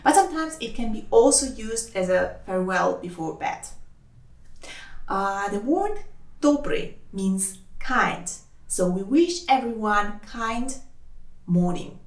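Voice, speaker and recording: A woman who speaks Russian natively, teaching a language lesson in English with slow, careful speech, saying each phrase twice. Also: mid-range voice, expressive, far from the mic. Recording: roomy, voice a bit off-mic.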